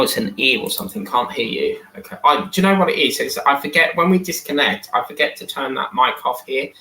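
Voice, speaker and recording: A man's voice: mid-range voice, bright, forceful tone. A man hosting a live stream in casual chat, reading and answering viewer comments aloud. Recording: echoey room.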